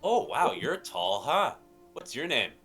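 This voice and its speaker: A man voicing Harold, a cheerful, friendly halfling man in his sixties or seventies, in a bright, chirpy put-on voice. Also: mid-range voice, very animated, a little slow, faint music behind, pitched above the performer's own voice. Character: cheerful older male halfling, small and friendly.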